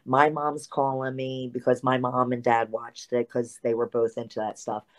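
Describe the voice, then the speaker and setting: Woman, deep voice, middle-aged, interview guest, animated storyteller. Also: normal speed. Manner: animated storyteller, full of fillers and asides. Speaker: guest, retired pro wrestler.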